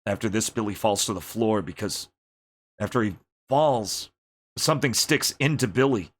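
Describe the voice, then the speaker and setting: Excitable man narrating a game stream. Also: on the low side, normal speed. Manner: excitable, reads game dialogue aloud in character. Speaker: livestreamer. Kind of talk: let's play commentary.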